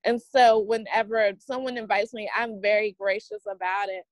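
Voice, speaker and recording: A woman's voice: mid-range voice, steady tone, normal speed, dry recording, low-quality recording. A woman in her forties with a Southern US accent, a podcast guest talking in an upbeat, motivational way. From American South. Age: 40s. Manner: upbeat, motivational, says "honey". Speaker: podcast guest, business coach. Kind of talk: conversational interview.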